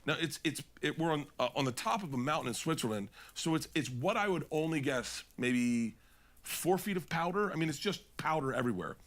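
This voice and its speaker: A young man from Florida hosting a podcast, telling stories in casual chat, animated and swearing often. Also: fairly quick. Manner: animated, profane, acts out quotes in jumping pitch. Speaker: podcast host.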